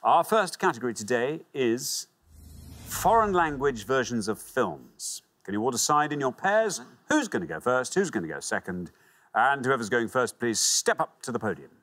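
A man's voice: mid-range voice, big pitch swings, normal speed, a bit bright, slight background noise. A man with a British accent hosting a TV quiz show, with playful, theatrical introductions. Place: TV studio with audience.

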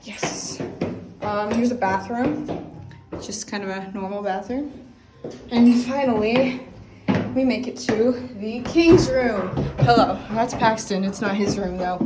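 A woman's voice: medium pitch, slow pace. Woman, casual tour narration, upbeat, handheld camera, noticeable background noise. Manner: chatty, upbeat, a bit scattered. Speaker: vlogger giving a house tour. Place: old stone castle, indoors and on the roof.

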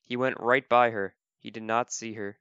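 A man reading a children's picture book aloud as a volunteer, gentle, slow and clear. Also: medium pitch, fairly even intonation, no echo. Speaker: volunteer reader. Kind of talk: children's storybook read-aloud. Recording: dull, lo-fi dry recording.

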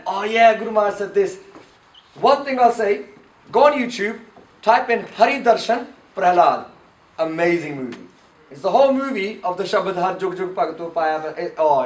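A man tells stories and fires questions at a room of teenagers. His voice sits fairly high. He is picked up from far off in an echoing hall with a faint hiss behind him. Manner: animated storyteller, quizzes the audience. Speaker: camp speaker. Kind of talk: lecture to teenagers at a youth camp. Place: indoor camp hall. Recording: echoey room, far from the mic, faint noise.

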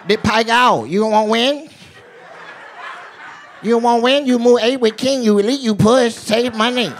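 A man's voice: extremely high pitch, unhurried, a little hiss or hum, pitched above the performer's own voice. A man putting on a giddy, squealing card dealer. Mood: fussing. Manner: broken English, giddy, squealing with glee. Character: excitable chatty male casino card dealer.

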